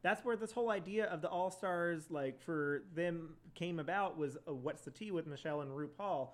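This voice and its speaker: A man's voice: a little high, normal speed. A man co-hosting a podcast in casual chat, swearing freely and acting out quotes as he recaps a TV show. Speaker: podcast co-host.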